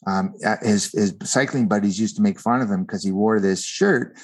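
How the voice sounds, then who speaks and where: With a somewhat low, slightly mellow voice at a moderate pace, an author appearing as a guest recounts a personal story. He speaks earnestly and conversationally, often repeating words as a thought gets going.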